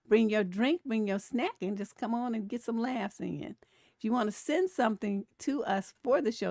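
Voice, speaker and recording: Woman host over forty, casual animated live-stream commentary, dry close recording. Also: mid-range voice, dry recording. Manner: chatty and animated, laughs often, reads comments aloud.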